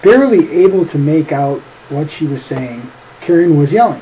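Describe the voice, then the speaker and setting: A man's voice: fairly high pitch, expressive, moderate pace, over music, rough recording. A middle-aged man narrating a family anecdote for a home video with a dry, teasing humor, chuckling at his own jokes. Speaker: family storyteller.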